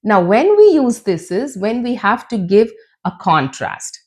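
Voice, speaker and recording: A woman teaching an English lesson, explaining slowly and demonstrating sentences with exaggerated rises and falls in pitch. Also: big pitch swings. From Canada. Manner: slow, deliberate explaining. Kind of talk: scripted lesson.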